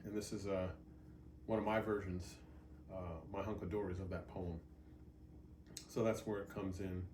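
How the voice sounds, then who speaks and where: A man teaching haiku in a relaxed, unhurried way, thinking aloud with many ums and uhs. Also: low-pitched, slight background noise. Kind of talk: relaxed spoken lesson.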